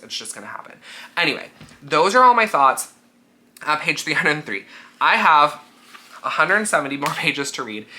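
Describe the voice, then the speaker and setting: A man in a casual reading vlog, talking in a bright, forward tone. He swears freely and fills his talk with fillers. He gushes with feeling, always close to tears. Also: mid-range voice. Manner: animated and sweary, filler-heavy; emotionally gushing, near tears. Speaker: book vlogger.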